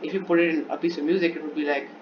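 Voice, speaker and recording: A man teaches a music theory lesson off the cuff, often restarting and repeating himself as he demonstrates on an instrument heard playing in the dull lo-fi recording. His voice is on the high side, flat in delivery and rapid-fire.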